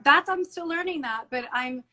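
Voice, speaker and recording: Woman, middle-aged, interview guest, earnest, emotional, bright tone. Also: high-pitched, normal speed, poor audio. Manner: earnest and emotional, many restarts and quoted dialogue. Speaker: salon owner guest. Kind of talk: candid interview talk.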